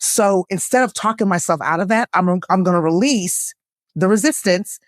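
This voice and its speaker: A woman guest, an actress and lifestyle coach, speaking earnestly and reflectively in a candid conversation, her voice jumping up when she laughs or gets excited. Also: moderate pace, no room sound, studio quality. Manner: earnest and reflective, with bursts of laughter and pitch jumps.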